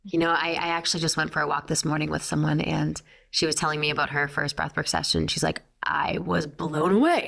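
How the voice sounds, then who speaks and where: Brief: woman in her thirties, interview guest, fairly low voice, loose filler-heavy chat. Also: gravelly, bright, forceful tone. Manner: chatty, lots of "like" fillers. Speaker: guest, breathwork founder.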